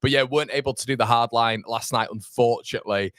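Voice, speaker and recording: A young man hosts a live football fan stream, chatting and rambling as he reads viewer comments, a little fuzzy from a mild concussion. He talks fast in a medium-pitched, fairly bright voice with fairly even intonation, and the studio sound is clean with no echo.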